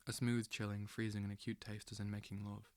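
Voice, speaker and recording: A man reading a literary novel aloud as an audiobook, slow and intense, with dramatic swells. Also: on the low side, level tone, darkish tone, no room sound. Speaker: audiobook reader.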